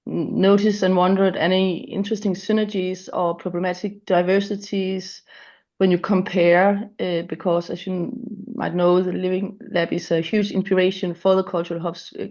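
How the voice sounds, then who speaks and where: A woman with a sick voice asking questions politely and in a measured way at an online workshop. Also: lowish voice, a little mellow, highs cut off.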